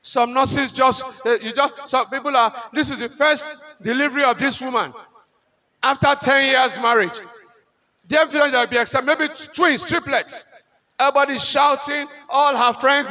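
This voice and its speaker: A Nigerian-accented man lectures in a very high, bright and forceful voice. He is emphatic, repeats his key lines slowly and keeps putting rhetorical questions to the audience. The sound is dull and lo-fi, like audio from an event video. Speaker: conference lecturer. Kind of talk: motivational lecture to nurses.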